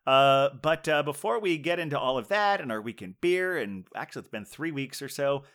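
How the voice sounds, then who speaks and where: A man hosts a casual podcast from home, rambling with frequent restarts and fillers. His voice sits at an ordinary middle pitch. He talks loosely and with friendly ease. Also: lively intonation, fairly quick, fairly bright tone. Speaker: podcast host. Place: home, remote call.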